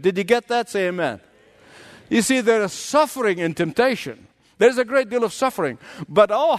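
High-voiced male preacher. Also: big-room sound. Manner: impassioned preaching with rhetorical questions. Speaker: pastor. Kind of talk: sermon.

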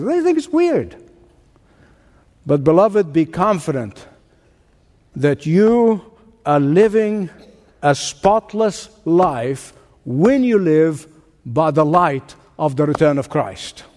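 A man's voice: high-pitched, darkish tone, in a large hall. A man preaching a sermon, earnest, with a storytelling aside. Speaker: pastor.

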